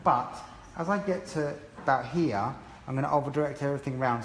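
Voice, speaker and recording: A hairdressing educator with a medium-pitched, steady, creaky voice talks quickly with few pauses through a live-streamed haircut tutorial, chatty and encouraging as he explains each step. The recording has slight background noise and a roomy echo with long reverb and faint ambience.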